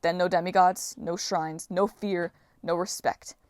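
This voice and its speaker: A woman's voice: on the low side, steady tone, a little slow, darkish tone, no echo, natural voice. A woman reading an audiobook voices a young male demigod hero who talks earnestly and persuasively.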